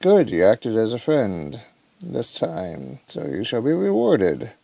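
A man reading aloud the lines of a stern, watchful border guardian in a video game, slow and formal. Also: mid-range voice, huge pitch swings, vocal fry, warm tone, no room sound, heavily acted. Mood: solemn.

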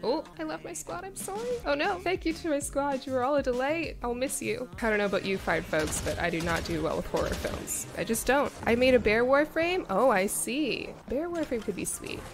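A woman's voice: sits high, lively intonation, brisk, few pauses, over music. A woman live-streaming a game, chatting in a bubbly, casual way with her viewers as she plays. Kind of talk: casual live-stream chat while gaming.

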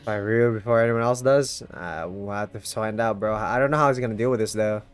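A young man hosting a casual anime reaction, slangy and swearing, with sudden excited yelps. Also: on the low side, brisk, smooth, faint music behind.

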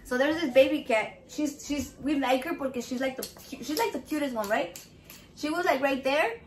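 At a moderate pace, a high-voiced woman swears her way through a casual cooking vlog shot in her home kitchen, with slight noise behind her. She tells stories in a crude, profane, animated style while making a recipe video.

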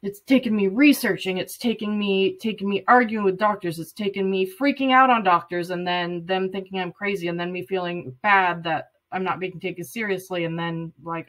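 A woman's voice: mid-range voice, a little fast, few pauses. A woman in her late thirties, talking to the camera in a personal vlog, rambling and earnest and close to tears. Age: 30s. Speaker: vlogger.

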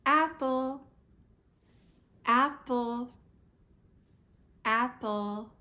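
A woman teaching first words to toddlers, repeating single words slowly and clearly. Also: fairly high pitch, sharp tone. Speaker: preschool teacher.

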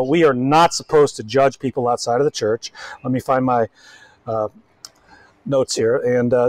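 A man's voice: medium pitch, no room sound, poor audio. Chatty folksy pastor, man, dry sound. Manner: folksy, chatty, with frequent restarts and asides. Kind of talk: casual sermon.

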